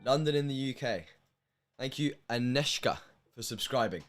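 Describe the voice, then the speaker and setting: A young man from the United Kingdom commentating a match on a live stream, emotional, with hushed stretches and loud bursts. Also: mid-range voice, expressive, moderate pace, over music.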